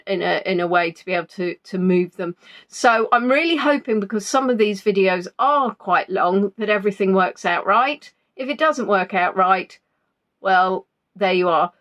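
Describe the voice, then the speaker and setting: A woman with a medium-pitched, slightly bright voice hosts a casual livestream from home. She rambles and teases herself, still not fully recovered from an illness.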